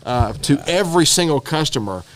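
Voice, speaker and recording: Man, podcast host, casual chat, higher pitch, very lively intonation, easygoing, trails off. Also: fairly quick. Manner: easygoing, animated, trailing off mid-sentence. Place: podcast studio.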